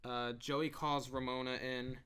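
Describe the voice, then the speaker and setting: A man's voice: mid-range voice, flat delivery, a little slow, pushed and bright, clean tone. A young man with a mid-range voice talks casually on a podcast. He recaps a show from his notes with dry, sarcastic asides. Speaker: podcast co-host.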